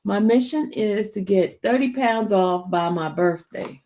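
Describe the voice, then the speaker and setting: A woman's voice: mid-range voice, unhurried, a little mellow, low-quality recording. A woman vlogger chatting casually to her viewers, rambling and answering comments from live chat.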